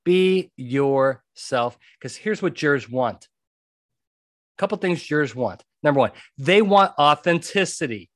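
A podcast host and jury consultant delivers a conversational monologue of advice, speaking emphatically and repeating his key points. His voice is on the high side and fairly bright, with lively intonation, a slow pace, and no room sound.

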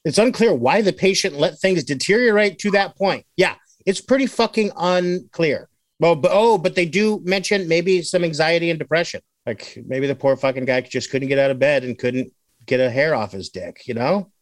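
A man's voice: fairly high pitch, normal speed, no echo. A man hosting a casual podcast, reading odd news stories aloud with crude joking asides.

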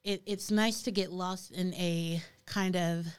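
A woman's voice: lowish voice, fairly even intonation, unhurried, smooth. A middle-aged woman talking casually as a podcast co-host, chatty and hesitant, with many ums and restarts. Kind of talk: casual chat.

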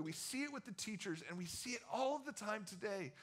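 A man's voice: high voice, lively intonation, fairly quick, a bit bright, slightly rough. A young man preaching a sermon as a youth pastor, speaking in a casual, slangy way and acting out the people in his stories. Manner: casual, slangy storytelling that acts out quotes.

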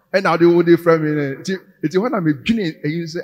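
A man with a Ghanaian accent preaching a sermon, moving between English and Twi and rising to loud, emphatic calls. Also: sits high, sing-song, fast, long reverb tail. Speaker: pastor.

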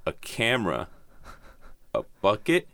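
Man, very low voice, dry close sound, loose profane storyteller. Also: huge pitch swings, takes it slowly, fairly bright tone, no echo. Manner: rambling, profane, heavy use of "like". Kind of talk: casual retelling of a horror story.

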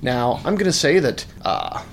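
A man's voice: medium pitch, moderate pace, soft background music. A man co-hosting a podcast in a casual, joking chat, often restarting his sentences. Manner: animated, joking, with many restarts. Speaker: podcast co-host.

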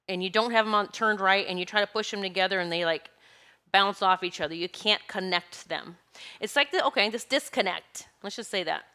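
Bright-voiced woman giving a rambling spiritual talk. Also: mid-range voice. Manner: rambling, searching for words, laughs between thoughts. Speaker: spiritual speaker.

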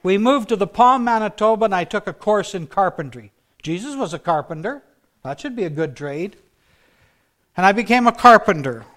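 A man preaching a sermon built on his own testimony, telling it earnestly and dropping to a hush for emphasis. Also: high voice, animated, moderate pace.

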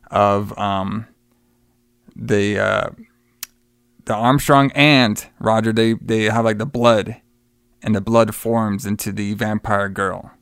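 A man's voice: on the low side, clear, resonant tone, dry recording. A man casually retelling a film plot, swearing freely and acting out the characters' lines. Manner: profane, rambling, acts out quoted lines. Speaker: podcast co-host recapping a film. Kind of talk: casual chat.

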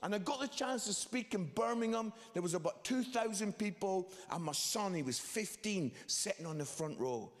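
Guy preaching, lively up-and-down voice, acts out stories, echoey hall. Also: high voice, moderate pace, few pauses. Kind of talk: sermon with comic storytelling. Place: large hall. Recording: long hall reverb.

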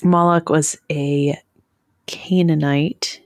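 A woman with a notably low voice chats through a quiz show recap, with plenty of fillers and restarts. The sound is dry and close, with no room in it. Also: fairly even intonation, extremely slow, no echo. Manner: chatty, with frequent fillers and self-corrections. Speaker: podcast co-host.

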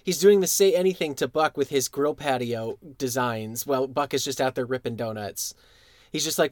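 A man's voice: medium pitch, expressive, moderate pace, dry recording. A man with a mid-range voice chats easily on a podcast. He jokes a lot and laughs readily. His voice sounds dry and close to the mic. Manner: laid-back, jokey, laughs often. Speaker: podcast co-host. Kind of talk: casual chat.

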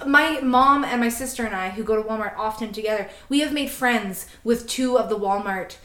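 A woman in her twenties from Canada, chatting casually on a podcast and telling a story in an animated way, acting out quotes. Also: on the high side, echoey room. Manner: animated, quick, laughing asides, acts out quotes. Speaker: podcast co-host.

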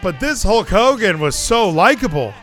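A man in his thirties co-hosting a casual wrestling podcast, excitable and given to acting out commentators and wrestlers. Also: high-pitched, normal speed, faint music behind. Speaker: podcast co-host.

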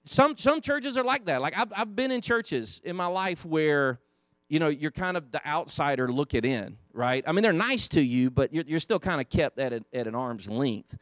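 A man's voice: a little high, no room sound, studio quality. A man teaching a Sunday school Bible lesson in a church classroom, talking with the class and asking them questions. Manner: conversational, asks the class questions.

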